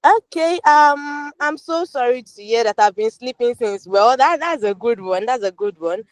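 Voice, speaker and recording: A woman's voice: on the high side, expressive, normal speed, no echo. Upbeat woman hosting a live class. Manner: upbeat, repeats phrases, many fillers. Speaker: online class tutor. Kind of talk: live-stream class chat, reading viewer comments.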